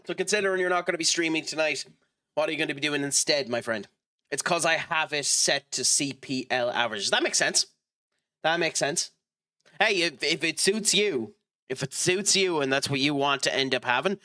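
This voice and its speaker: A man's voice: medium pitch, brisk, bright, forceful tone. An Irish man streaming a football management game, chatting casually with his viewers as he plays. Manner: chatty, talks to viewers while playing. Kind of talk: casual live-stream chat.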